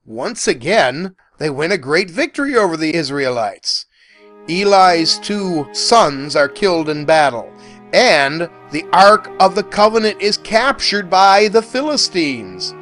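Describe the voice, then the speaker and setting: A professor narrating a lecture in an animated, folksy storytelling manner. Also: male voice, a little high, unhurried, soft background music.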